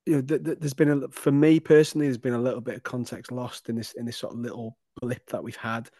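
A man hosting a fan podcast, asking long, halting questions with many restarts. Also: medium pitch, fairly even intonation, dark tone, no room sound, studio quality. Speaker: podcast host. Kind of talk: casual podcast interview.

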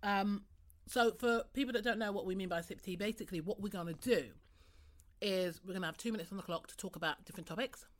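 A woman's voice: medium pitch, fast talker. A young British woman co-hosting a casual chat, teasing and giggling often with slangy banter. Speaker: co-host.

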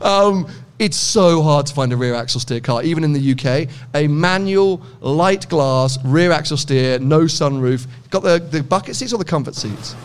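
A British man hosts a casual podcast chat, quick to tease and laugh. His voice sits a little high. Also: clear, resonant tone. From United Kingdom. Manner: chatty, teasing, laughs often. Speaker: podcast host. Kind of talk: casual interview at a car meet.

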